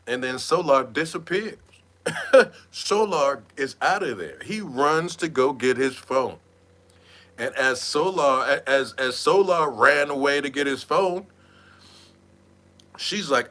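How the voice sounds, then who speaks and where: A man giving animated, mocking gossip commentary in a streetwise, slangy way. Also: medium pitch, slow, pauses often. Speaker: online commentator.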